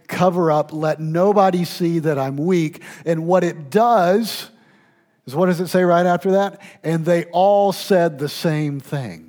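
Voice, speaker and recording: A man preaching a sermon emphatically, rising loud and dropping to a hush. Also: high-pitched. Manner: emphatic, swings from loud to hushed. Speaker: pastor.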